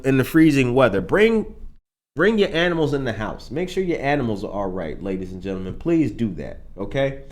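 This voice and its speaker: Upbeat man hosting morning news. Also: fairly high pitch. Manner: upbeat, addresses listeners as ladies and gentlemen. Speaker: morning news podcast host. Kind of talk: casual live news chat. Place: studio, alone.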